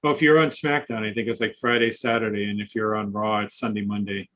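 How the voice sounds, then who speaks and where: A man's voice: fairly low pitch, fast, poor audio. A man co-hosting a podcast, chatting casually and agreeably, often chiming in with short replies. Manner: relaxed, agreeable, lots of backchannel. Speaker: podcast co-host. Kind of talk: casual chat.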